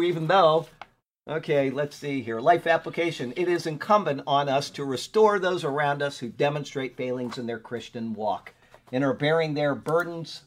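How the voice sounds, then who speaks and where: A man teaching a Bible study as a pastor, chatting casually, stopping to look up verses, and reading scripture aloud with emphasis. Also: a little high. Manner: conversational, digresses while looking up verses.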